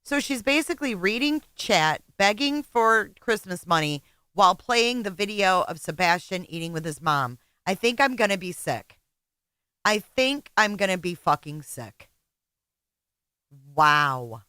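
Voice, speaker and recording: A woman's voice: medium pitch, very animated, unhurried, sharp tone, smooth, dry recording. A woman hosting a reaction commentary, blunt, sarcastic and profane. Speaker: commentary channel host.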